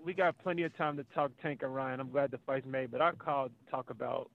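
A man's voice: mid-range voice, steady tone, fast talker, gravelly. A man calling in to a sports talk show, insistent and repeating his points in heated casual talk. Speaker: caller. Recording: tinny phone line.

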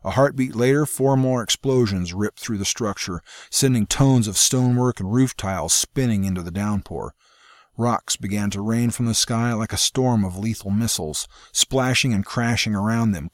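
Man, low voice, dramatic measured storytelling, fantasy audiobook narration, dry close sound. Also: no echo.

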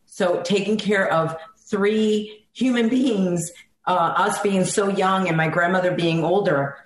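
A woman's voice: medium pitch, measured pace. A middle-aged woman from South Carolina, a singer and ring announcer, reminiscing heartfelt and emotional as an interview guest. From South Carolina, USA. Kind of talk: conversational interview. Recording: echoey room, faint background noise.

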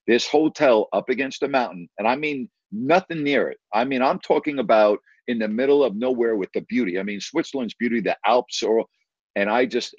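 A man's voice: medium pitch, husky, no room sound. A middle-aged man, a broadcaster and podcast host, telling stories in a casual interview; he rambles, repeats phrases and stretches words for emphasis. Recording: dull, dry podcast audio.

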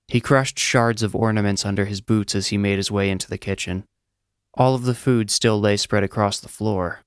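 Low-voiced man narrating horror. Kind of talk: scripted first-person horror narration. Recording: music playing underneath.

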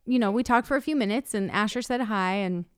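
A woman's voice: mid-range voice, quick pace, smooth, dry recording. A middle-aged woman co-hosting a podcast, chatting casually and telling a story, acting out quotes and laughing often. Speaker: podcast co-host. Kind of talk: casual chat.

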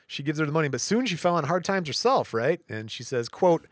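Fairly high-pitched and fairly quick, this podcast co-host barely pauses as he tells a long anecdote in casual chat. He's animated and acts out the voices of the people in the story. The audio is clean studio sound with no room sound.

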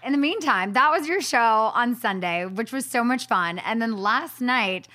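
A woman's voice: on the high side, moderate pace. A woman hosting a podcast, telling stories in casual chat and acting out quotes, with lots of "like". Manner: animated storytelling, acts out quotes, frequent "like". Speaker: podcast host.

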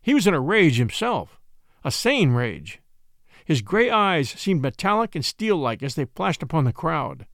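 A man narrating an adventure story aloud in an expressive, dramatic reading. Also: fairly high pitch, measured pace, creaky, no echo, clean studio sound. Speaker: audiobook narrator.

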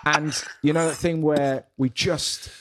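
A comedian guest in a casual pub chat, talking in a loose, reflective way with phrases that trail off. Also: male voice, a little high, fairly even intonation, unhurried.

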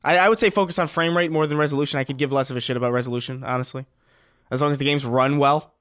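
A man's voice: a little high, racing, smooth, dry recording, studio quality. Laid-back man chatting on a podcast. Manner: relaxed, loose, stammers and swears casually. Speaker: podcast co-host. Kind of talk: casual chat.

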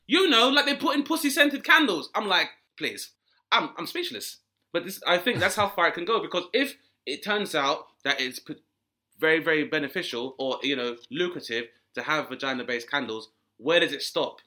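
A man, a comedian guest, riffing with animated storytelling and jumping into high-pitched voices for the characters he describes. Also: normal speed.

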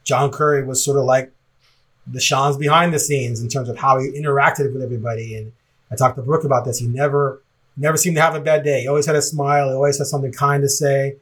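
A man chatting on a sports podcast, rambling and reflective, often breaking into a laugh. His voice sits at an ordinary middle pitch for a man. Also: fairly even intonation, quick pace, a bit bright. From Portland, Oregon area. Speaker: podcast co-host. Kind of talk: casual podcast chat.

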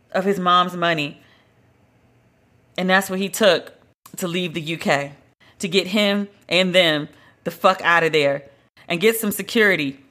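A podcast host giving solo celebrity-news commentary in a dramatic, emphatic, slangy and profane way, with drawn-out exclamations. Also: medium pitch, pushed and bright.

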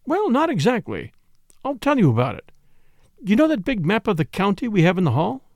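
A man's voice: high-pitched, huge pitch swings, a little fast, a little mellow, no echo, clean studio sound, voice pushed up, exaggerated voice. A man voicing a bossy know-it-all gossip woman. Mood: eager. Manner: insistent, lecturing.

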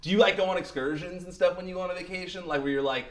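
A man's voice: high-pitched, rapid-fire. A man hosting a podcast interview, chatting casually and upbeat, laughing often and filling with "like". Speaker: podcast host.

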